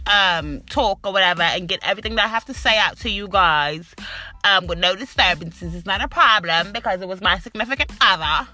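A woman's voice: on the high side, pushed and bright. A British woman hosting a podcast, ranting in foul-mouthed, indignant commentary full of rhetorical questions. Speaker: podcast host.

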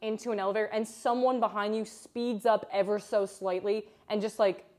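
A woman's voice: medium pitch, fairly quick. A young woman in her twenties hosting a casual podcast chat, telling jokey stories and laughing often. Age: 20s. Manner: animated, joking storyteller who laughs often. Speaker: podcast host.

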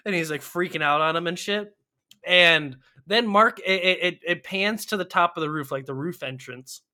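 A man's voice: a little high, moderate pace, pushed and bright. A man co-hosting a casual podcast, retelling scenes with swearing and playful impressions of the characters. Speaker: podcast co-host.

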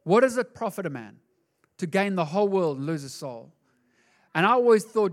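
Animated high-voiced male pastor. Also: normal speed. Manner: animated, acts out quoted voices, conversational. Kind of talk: sermon.

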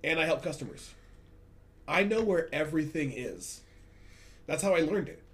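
A man's voice: a little high, moderate pace. A man on a podcast telling work stories in a casual, profane, ranting way. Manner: profane, ranting, animated storytelling. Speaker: podcast host. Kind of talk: casual chat. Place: Hollywood.

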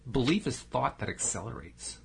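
A man's voice: mid-range voice, big pitch swings, moderate pace, creaky, husky. A middle-aged man co-hosting a podcast, chatty and telling stories with frequent laughs. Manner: chatty, storytelling, laughs often. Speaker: podcast co-host. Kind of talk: casual podcast chat.

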